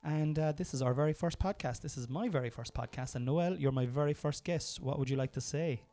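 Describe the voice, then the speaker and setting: Joking Irish dad hosting a podcast. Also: male voice, a little high, a little fast, warm tone. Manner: self-mocking, restarts takes a lot. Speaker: podcast host. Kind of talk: casual chat, joking. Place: kitchen, then parked car.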